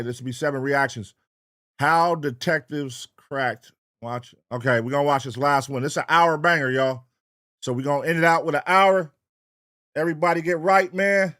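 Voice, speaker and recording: A man's voice: on the high side, a bit bright. A young man hosting a late-night livestream, loose and profane, calling out chat names in a sing-song way. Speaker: livestream reaction host. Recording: faint hip hop music behind. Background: faint hip hop music.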